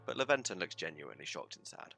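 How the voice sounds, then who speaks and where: A man's voice: deep voice, sing-song, quick pace, vocal fry, soft background music. A man giving casual, theatrical commentary while streaming a game. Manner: theatrical, swings into loud outbursts.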